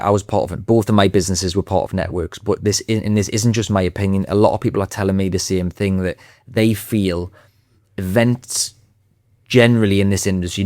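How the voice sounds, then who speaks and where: A man with a low voice talks through a podcast interview in a confident, emphatic way. The sound is dry and close, with no room around it. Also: darkish tone, no room sound. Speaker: podcast guest, sales trainer.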